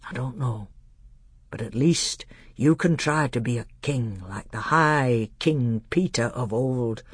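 A man voicing a wise, gentle old male tutor in a measured, earnest audiobook reading. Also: mid-range voice, no echo, clean studio sound. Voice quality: gravelly, husky. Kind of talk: audiobook character voice.

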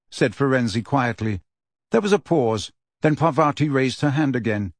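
A man's voice: mid-range voice, normal speed, no room sound. A man narrating a story, dry close sound. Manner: steady storytelling, voices each character. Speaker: audiobook narrator. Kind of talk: scripted narration.

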